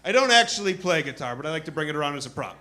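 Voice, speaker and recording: On a club stage, a man performs a stand-up set, telling a story animatedly and acting out other people's voices. His voice is on the high side and his delivery rapid-fire, with audience laughter in the background.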